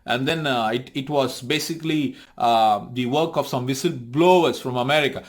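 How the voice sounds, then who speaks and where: A man's voice: mid-range voice, moderate pace, hardly any pauses. A man hosting a reaction video, ranting indignantly with rhetorical questions. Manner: indignant, rhetorical, repeats "excuse me" and "why are you not". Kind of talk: heated commentary rant.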